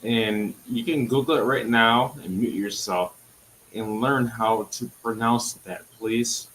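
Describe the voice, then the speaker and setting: Man, Filipino accent, young adult, angry, swearing, shouting bursts, remote call, faint noise. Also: medium pitch, steady tone, takes it slowly, low-quality recording. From Philippines. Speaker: live stream guest. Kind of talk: heated live stream call-in.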